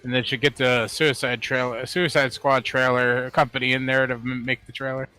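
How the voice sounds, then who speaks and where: A man co-hosting a casual podcast, talking in an animated way, swearing and laughing often. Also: normal speed, faint music behind. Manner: animated, swears, laughs often, rising pitch when worked up. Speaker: podcast co-host. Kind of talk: casual chat.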